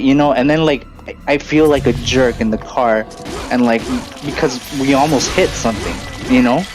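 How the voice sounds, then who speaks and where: A man's voice: mid-range voice, normal speed, poor audio. A man in his late twenties or thirties, a streamer host telling a long story in a loose, rambling way full of fillers. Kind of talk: casual storytelling during a game stream. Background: game music.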